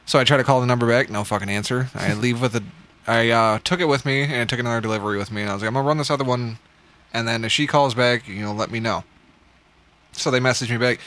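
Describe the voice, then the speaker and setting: A man, a podcast co-host who delivers pizza, telling stories in casual, profane, animated chat. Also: medium pitch, fast talker. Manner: profane, animated storytelling with laughs.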